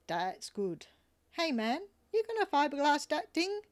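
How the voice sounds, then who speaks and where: A woman's voice: sits high, very animated, unhurried, dry recording, pitched above the performer's own voice. A woman voicing teasing male island locals who call out to the workers in amused, loose voices, read as part of a story.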